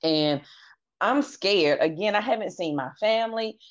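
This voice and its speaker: In a medium-pitched voice, a little on the slow side, a woman recounts her personal story on a podcast. She is candid and earnest, voicing what others said in her own voice, captured in dull lo-fi audio.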